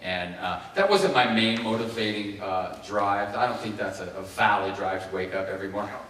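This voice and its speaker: A man's voice: fairly low pitch, normal speed. A middle-aged man from Ohio tells his story in a keynote, acting out the voices of the people he quotes. He sounds far from the mic in a strongly echoing hall, with faint room noise behind him. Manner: animated, acts out quoted voices. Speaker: keynote speaker. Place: large conference hall. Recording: echoey hall, heard from far off.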